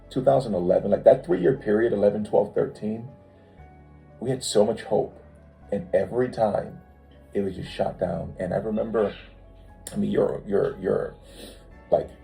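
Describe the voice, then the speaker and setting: Gravelly, dark-voiced man. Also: lowish voice, low-quality recording. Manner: reflective, searching for words. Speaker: co-host, her husband. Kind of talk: heartfelt personal conversation.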